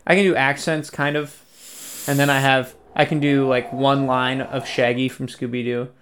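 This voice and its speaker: A man's voice: mid-range voice, flat delivery, normal speed, a bit bright. A young man co-hosting a casual chat podcast, stammering through restarts and swearing for emphasis. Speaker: podcast co-host and editor.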